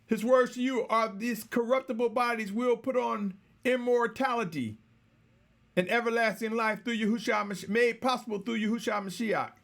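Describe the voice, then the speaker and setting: A man delivering a slow, measured, exhorting sermon, repeatedly addressing his listeners as brothers and sisters. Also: very high-pitched, fairly even intonation, creaky, fairly bright tone. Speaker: preacher.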